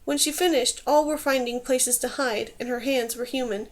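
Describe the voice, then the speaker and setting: A woman reading a fantasy novel aloud in steady, clear scripted narration. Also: high-pitched, moderate pace. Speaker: audiobook reader.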